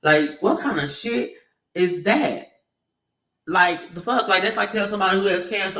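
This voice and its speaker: A man's voice: sits high, moderate pace, sharp tone, distant mic. Heated, cursing man in an echoey room. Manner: heated, emphatic, profane, repetitive. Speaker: video commentator. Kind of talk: ranting opinion vlog.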